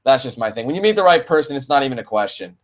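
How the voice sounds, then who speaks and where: Talking very fast in a sing-song, medium-pitched voice, a twentysomething gaming streamer with a Canadian accent answers chat questions. He's relaxed and profane, tossing out "man" and "bro" at his viewers.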